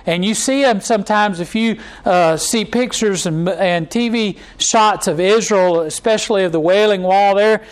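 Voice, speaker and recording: A man's voice: high-pitched, normal speed, few pauses, low-quality recording. A pastor preaching a conversational sermon to his church, with many fillers and restarts and mocking impressions.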